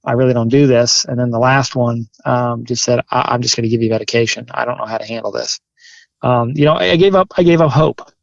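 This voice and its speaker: Guy firefighter telling his story, gravelly voice, lots of stops and restarts, dry kinda dull audio. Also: mid-range voice, dry recording. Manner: earnest, halting restarts, grows forceful and emphatic. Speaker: firefighter and chaplain, interview guest. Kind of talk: candid interview storytelling.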